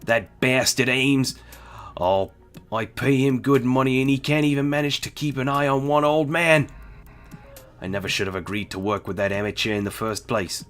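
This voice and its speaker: A man voicing a furious male villain with a bomb, shouting in a put-on New York accent. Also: level tone, fast, hardly any pauses, faint music behind, close to an everyday voice. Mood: raging. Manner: shouting, high and strained.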